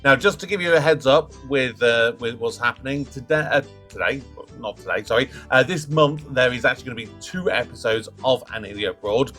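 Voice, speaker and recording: A British man hosts a reaction video in a mid-range voice, talking briskly with few pauses over soft background music. His casual commentary is chatty, full of restarted sentences and bursts of loud mock whooping.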